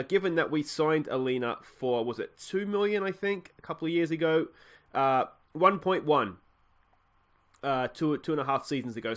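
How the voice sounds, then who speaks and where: A young Australian man with a slightly raised pitch chats his way through a video game. He thinks aloud in loose, casual commentary, often stopping for fillers as he weighs his next move. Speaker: Let's Play host.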